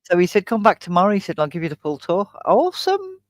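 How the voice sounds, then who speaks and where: A man's voice: high-pitched, wildly swooping pitch, quick pace, a little mellow, dry recording. A man hosting a casual chat, telling a long anecdote in a chatty storytelling way and laughing often. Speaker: YouTube channel host.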